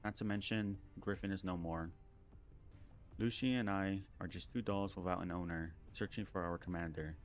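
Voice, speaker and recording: A man streaming himself reading game dialogue voices a battered female android doll who is calm and defiant with a quietly mocking edge. His voice is deep and low, and the lines come steady and unhurried, lightly acted over soft background music.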